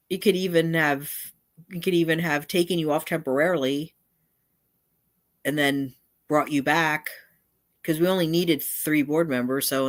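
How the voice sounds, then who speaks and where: A woman hosting a casual live stream, chatting in a meandering way and often breaking off to circle back mid-thought. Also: low-pitched. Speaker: channel host.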